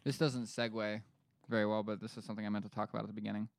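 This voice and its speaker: Joking man from Pennsylvania, smooth voice. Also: on the low side, level tone, rapid-fire, no room sound. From Pennsylvania, USA. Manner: joking, reads news aloud. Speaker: podcast co-host. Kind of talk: casual podcast chat.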